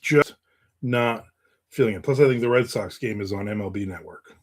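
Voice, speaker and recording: A man's voice: on the low side, normal speed. A man hosting a casual livestream, reading viewer comments aloud and rambling in a joking, self-mocking way. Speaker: livestream host.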